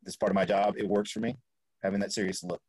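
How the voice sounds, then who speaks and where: A man speaking as a podcast guest, telling a story in an animated way, acting out quoted voices and laughing often. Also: fairly low pitch, quick pace, slightly rough, no echo, low-quality recording. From Florida.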